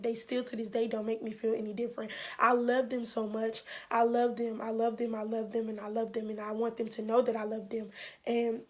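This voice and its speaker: A woman's voice: fairly high pitch, darkish tone. A young woman telling a heartfelt storytime vlog in an earnest, encouraging way, repeating phrases for emphasis. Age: young adult. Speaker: vlogger.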